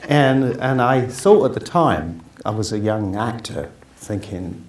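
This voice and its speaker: Speaking at a measured pace in a fairly low, animated voice, a man in his fifties being interviewed as an actor spins loose, casual stories. He restarts many times and mimics other people's words, captured on a distant mic with roomy echo and faint noise.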